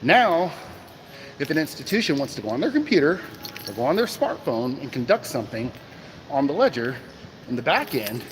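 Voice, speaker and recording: A man's voice: mid-range voice, moderate pace, a little hiss or hum. A man hosting a casual livestream, speaking into a phone he holds, asking viewers rhetorical questions and greeting them by name. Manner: animated, talks to chat viewers, asks rhetorical questions. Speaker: crypto livestream host. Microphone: phone in hand. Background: keys jangling.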